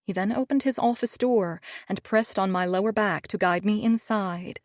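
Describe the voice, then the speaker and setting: A woman's voice: medium pitch, normal speed, no echo. A woman narrating a first-person romance audiobook in a wry, snarky tone, on a studio microphone.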